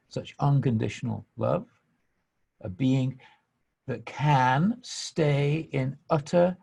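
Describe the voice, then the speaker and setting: An English man telling a spiritual story as host of a podcast, earnest and emphatic. His voice is strongly gravelly and has a husky edge. He moves between hushed and animated delivery. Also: medium pitch. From England.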